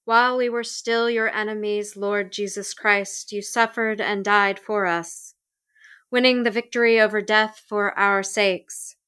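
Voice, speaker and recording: A woman reading scripture and a prayer in a solemn, measured way. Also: medium pitch, fairly even intonation, pushed and bright, smooth. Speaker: liturgy reader.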